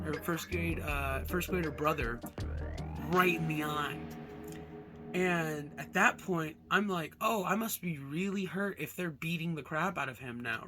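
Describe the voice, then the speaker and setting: Rambling young man telling a story. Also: fairly high pitch. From Alaska. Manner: rambling, animated, with lots of fillers and swearing. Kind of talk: casual storytime vlog. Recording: music playing behind.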